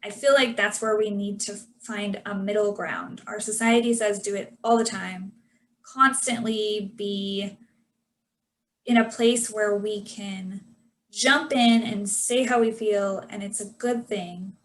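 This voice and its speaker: A woman's voice: mid-range voice, steady tone, slow pace, low-quality recording. A woman co-hosting a casual faith podcast, talking in an earnest, reflective way. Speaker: podcast co-host. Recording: faint background noise.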